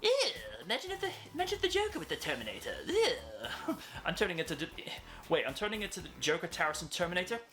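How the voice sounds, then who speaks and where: A cackling, unhinged villain , put on by a man for a blooper rattles off lines in a shrill, sped-up voice. The pitch jumps far above his normal speaking voice, and faint music runs underneath. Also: wildly swooping pitch, fast talker, sharp tone, full character voice. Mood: manic. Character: giggling, manic male villain. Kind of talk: comic blooper impression.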